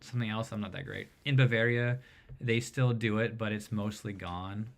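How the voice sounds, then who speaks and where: A man hosting a casual livestream chat, rambling and animated as he tells stories. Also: lowish voice, moderate pace, vocal fry. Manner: rambling, animated storyteller who mimics voices.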